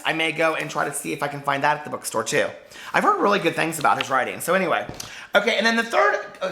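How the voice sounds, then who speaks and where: Gushy book vlogger guy, kinda hoarse, bright tense voice, rambling chat. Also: on the high side. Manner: chatty and gushing, lots of fillers. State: hoarse, losing his voice. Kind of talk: casual chat to camera.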